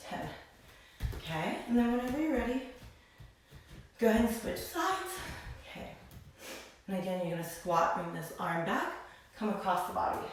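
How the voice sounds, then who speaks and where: A woman's voice: mid-range voice, a little hiss or hum. A woman leading a live-streamed pelvic health workout, counting reps and cueing moves while slightly out of breath. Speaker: pelvic health exercise instructor. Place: indoor room. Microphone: phone camera across the room. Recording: echoey room, voice far from the mic.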